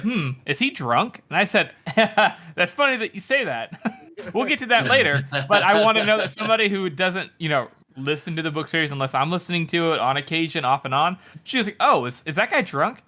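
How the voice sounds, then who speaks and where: A man's voice: a little high, sharp tone. A married man co-hosting a book podcast, talking casually and hesitantly, trailing off and humming as he thinks. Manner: hesitant, with restarts and thinking-aloud hums. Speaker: podcast co-host. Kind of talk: casual chat.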